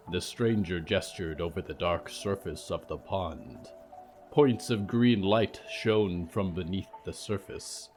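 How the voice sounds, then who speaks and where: Deep, slow male storyteller. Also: soft background music. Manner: calm, even storytelling. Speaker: narrator. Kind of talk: scripted fiction narration.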